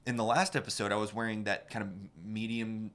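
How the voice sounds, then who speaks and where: A man's voice: lowish voice, steady tone, brisk, a bit bright. A man co-hosting a menswear podcast, chatting casually with lots of fillers and restarts. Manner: rambling, many fillers and restarts. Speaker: podcast co-host; menswear salesman. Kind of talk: casual chat.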